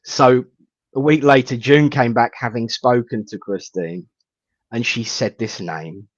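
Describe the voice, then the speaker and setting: A man, a reverend hosting a casual live chat, rambling warmly and greeting viewers by name. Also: medium pitch, measured pace, no room sound. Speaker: host, reverend. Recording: dull lo-fi sound.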